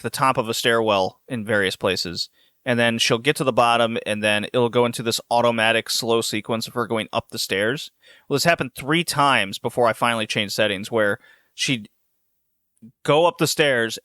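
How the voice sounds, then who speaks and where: A man's voice: mid-range voice, bright, forceful tone, dry recording, studio quality. A male podcast host chatting casually and animatedly about video games, laughing often. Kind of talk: casual chat.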